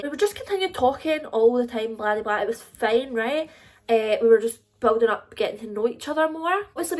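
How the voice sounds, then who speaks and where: A woman in her twenties with a Scottish accent, chatting in a casual storytime vlog, confiding and filler-heavy. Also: a little high. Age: 20s. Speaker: vlogger.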